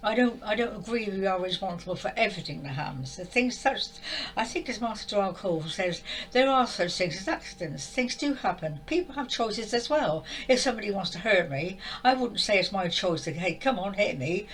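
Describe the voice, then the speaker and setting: A woman's voice: mid-range voice, animated, a little fast, poor audio. An older woman speaking in an upset, exasperated and tearful way, repeating herself as she vents about spiritual channelling. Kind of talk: emotional monologue to camera.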